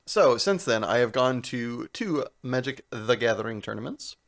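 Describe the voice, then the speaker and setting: A young man co-hosting a podcast, telling a long story in casual chat, animated and laughing as he goes. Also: medium pitch, moderate pace. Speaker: podcast co-host.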